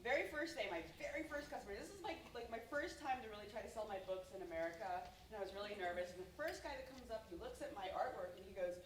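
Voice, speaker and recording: A woman comic artist telling a story on a convention panel, lively and acting out the people she quotes. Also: mid-range voice, fast, hardly any pauses. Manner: lively, acts out quoted customers. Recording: echoey room, far from mic, faint noise.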